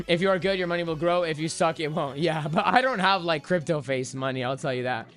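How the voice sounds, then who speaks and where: A man's voice: a little high, fairly quick, fairly bright tone. A young man hosting a crypto trading livestream, chatty and hyped, talking straight to his chat while sounding tired. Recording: music playing faintly behind.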